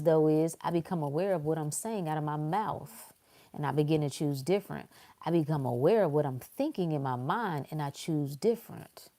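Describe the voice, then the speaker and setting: A woman with a low, gravelly voice hosts a casual spiritual talk. She speaks bluntly and animatedly, jumping from loud emphasis to quiet, hushed asides.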